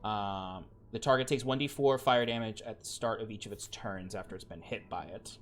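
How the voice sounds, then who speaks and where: A man running a tabletop game as game master, talking in an easygoing, halting way with many fillers and restarts. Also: on the low side, faint music behind.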